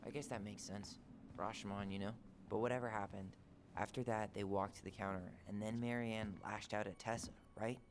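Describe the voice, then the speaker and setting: A man voicing a gravelly, calm young man. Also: lowish voice, fairly quick, slight background noise, lightly acted. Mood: reflective. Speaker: video game character.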